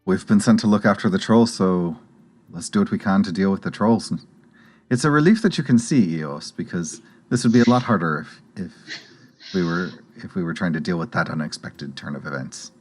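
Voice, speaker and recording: A man's voice: low voice, normal speed, a little mellow. A man playing a tabletop game, practical and encouraging. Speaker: player. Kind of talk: casual play.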